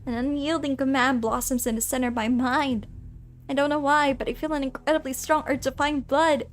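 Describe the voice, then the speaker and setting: A woman streamer reads a game's story aloud in a bright, slightly high voice. She is playful and animated, mixing dramatic narration with quick asides to her chat. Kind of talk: casual let's-play, reading game text aloud.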